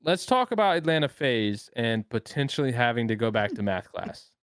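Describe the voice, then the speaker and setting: A man's voice: mid-range voice, big pitch swings, clear, resonant tone, dry recording. Blunt male podcast co-host, dry sound. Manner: blunt, quick to chime in, swears. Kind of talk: casual esports podcast chat.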